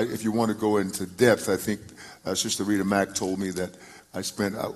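Husky pastor reading scripture. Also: male voice, lowish voice. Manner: reads scripture in a folksy drawl with rising emphasis.

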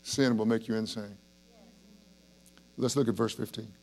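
A man's voice: on the low side, fairly even intonation, moderate pace, a little mellow. A man preaching an evening Bible study sermon, earnest and emphatic, with rhetorical questions and frequent restarts. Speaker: pastor.

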